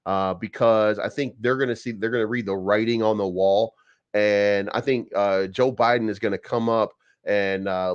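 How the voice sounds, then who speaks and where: A man hosting a crypto channel, giving rambling, profane market commentary with many restarts. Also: on the low side. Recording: dull lo-fi sound.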